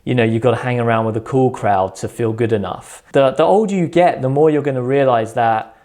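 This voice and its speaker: A man's voice: medium pitch, fairly quick, dark tone. A man with a mid-range voice talks through relationship advice, speaking earnestly and explaining as he goes. He slips into little quoted thoughts to show how people react, then returns to his point. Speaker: self-help channel host. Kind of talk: advice monologue.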